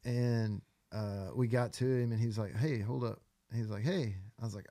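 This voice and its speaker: Gravelly man telling stories. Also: mid-range voice, moderate pace, few pauses, warm tone, no echo, clean studio sound. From Arkansas. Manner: loose, profane, rambling storyteller. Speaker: guest songwriter. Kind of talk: casual podcast storytelling.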